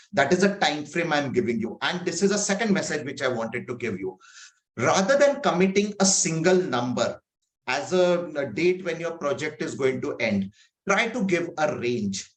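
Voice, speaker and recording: Male agile coach from India, conversational trainer with a higher voice, echoey call audio. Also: sing-song, moderate pace. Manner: conversational, many fillers, rhetorical questions. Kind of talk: online training session. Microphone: video call.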